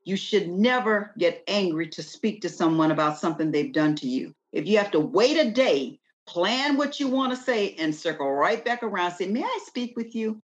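A woman's voice: fairly low pitch, moderate pace, few pauses, dull audio. A woman guest talking emphatically in a casual conversation, shifting into a preacher-like delivery and telling stories with energy. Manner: lively, animated storytelling.

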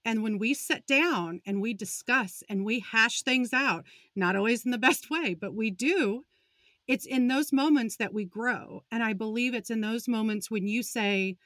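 A woman's voice: fairly high pitch, measured pace, fairly bright tone, dry recording, clean studio sound. A woman in her forties hosting a faith-based interview, speaking in an encouraging, conversational way. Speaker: host.

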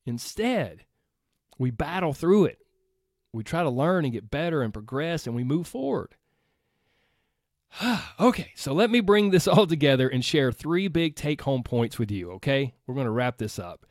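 A man's voice: fairly high pitch, expressive, moderate pace, no echo, studio quality. A man coaching listeners through an earnest, conversational motivational talk, repeating phrases for emphasis. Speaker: health and weight-loss coach.

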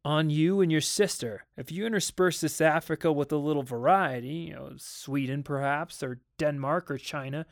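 A man voicing an anxious, stern father in a dramatic audiobook reading, his exasperation rising into sharp outbursts. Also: on the high side, normal speed, creaky, few pauses, no room sound, clean studio sound.

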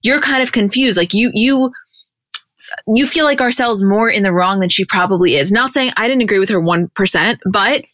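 A woman's voice: mid-range voice, moderate pace, a bit bright, dry recording, studio quality. Blunt, swearing woman podcast co-host. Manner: blunt and opinionated, swears freely. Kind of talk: casual chat recapping reality TV.

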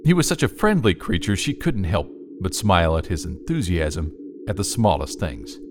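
A man's voice: low voice, sing-song, moderate pace, noisy background. A man narrating a children's story in an audiobook.

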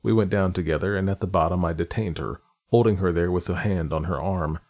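A man narrates a classic novel for an audiobook, his low voice carrying a darkish tone. He reads in a measured, literary style, handling the long, winding sentences with careful pacing.

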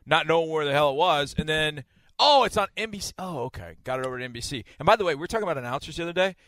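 A man hosting a casual sports radio show, animated and excitable when telling stories. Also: on the high side, racing, dry recording, clean studio sound.

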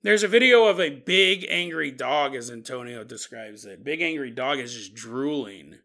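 A man's voice: medium pitch, animated, moderate pace, sharp tone. A man hosting a podcast, telling a strange story with jokey asides and frequent chuckles. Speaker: podcast host. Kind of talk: comedic paranormal storytelling.

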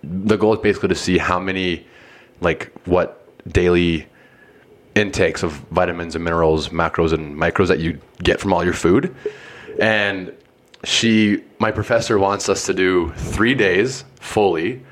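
A man's voice: deep voice, steady tone, a little slow. A young man co-hosting a casual podcast chat with friends, laid-back and rambling, swearing freely. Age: young adult. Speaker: podcast co-host.

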